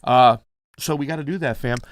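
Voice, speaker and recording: A man's voice: medium pitch, brisk, no room sound. A man hosting a casual livestream, upbeat, thanking donors and urging viewers to share. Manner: hyped, reads donor names, calls viewers fam. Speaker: livestream host.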